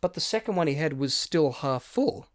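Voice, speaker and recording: A man, co-hosting a podcast, telling a story in lively casual chat, swearing and acting out quotes. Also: fairly high pitch, normal speed, slight background noise. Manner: animated storyteller, swears a lot, acts out quotes. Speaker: podcast co-host.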